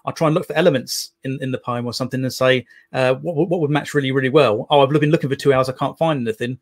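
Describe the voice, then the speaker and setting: A man talks quickly about writing poetry, rushing through long thoughts. He rambles, restarting sentences and leaning on fillers. His pitch sits in a middling range. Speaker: poet guest. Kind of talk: casual interview talk.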